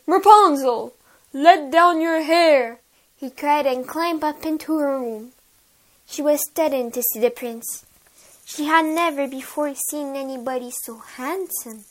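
A woman reading a bedtime fairy tale aloud in a gentle, even storytelling manner. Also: high voice.

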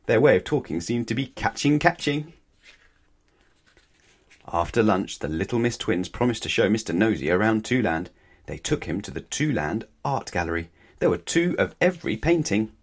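Reading a children's story aloud, a man sounds gentle and playful, never hurrying, his slightly low, husky voice moving at a normal speed. Each line gets an easy, friendly, sing-song lilt.

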